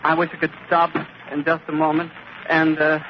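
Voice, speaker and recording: A man's voice: on the high side, monotone, normal speed. A radio reporter on an airfield, distraught, stammering and out of breath as he keeps describing the scene live. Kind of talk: live eyewitness commentary. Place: airfield outdoors. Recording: scratchy, muffled 1930s archival recording.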